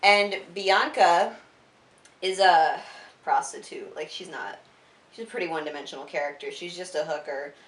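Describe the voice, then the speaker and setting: A woman's voice: on the low side, normal speed, fairly bright tone, a little hiss or hum. A tipsy young woman telling a classic story in a rambling, profane way, full of "like" and "uh", and giggly throughout. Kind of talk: tipsy casual retelling of a classic play. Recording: roomy sound from a distant mic.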